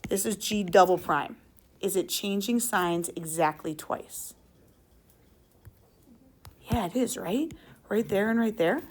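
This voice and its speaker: A woman teaches a class in an upbeat, playful way, quizzing the students as she works. Her voice sits at a middle pitch. She sounds like she is talking in a classroom. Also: slow, long pauses. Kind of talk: classroom lesson.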